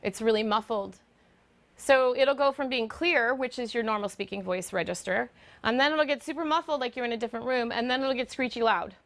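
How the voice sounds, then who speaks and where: A woman's voice: fairly high pitch, brisk. A middle-aged woman vocal coach giving an online singing lesson, chatty and explaining with fillers and demonstrations.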